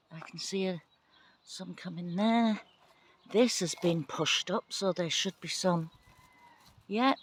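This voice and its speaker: A woman giving a casual tour of her garden plot outdoors in the wind, talking excitedly and apologetically into a handheld phone camera. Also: mid-range voice. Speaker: gardening vlogger.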